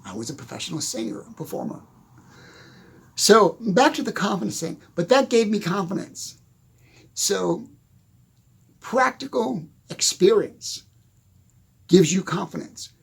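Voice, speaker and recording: Gravelly older man, animated storyteller. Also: high-pitched, unhurried, pauses often. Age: 60s. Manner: animated storytelling, chuckling often. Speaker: motivational speaker. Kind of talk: casual motivational talk.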